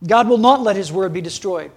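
A male pastor delivering a sermon in a notably high voice. He preaches emphatically, jumping up in pitch and loudness to drive points home. He chuckles between points. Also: a little fast. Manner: emphatic, with sudden rises in pitch and volume.

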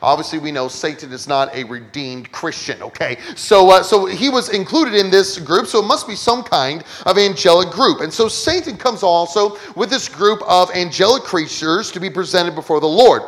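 A male preacher with a notably high voice teaches from the pulpit in a relaxed, conversational way. He keeps checking in with his listeners and restates each verse in everyday words. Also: normal speed, few pauses. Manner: conversational Bible teaching, asks "okay?" often and paraphrases verses. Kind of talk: sermon.

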